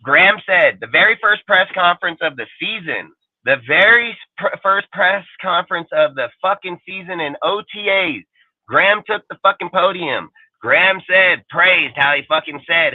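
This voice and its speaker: A man's voice: high-pitched, expressive, normal speed, no echo. A man ranting about football in a fired-up, profane, repetitive way, as co-host of a live sports show. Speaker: podcast co-host. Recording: dry, tinny phone-like audio.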